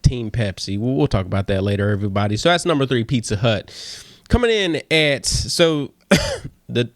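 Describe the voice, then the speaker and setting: A man's voice: medium pitch, no room sound. A man hosting a casual solo podcast, talking playfully and slipping into a radio DJ countdown voice. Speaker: podcast host.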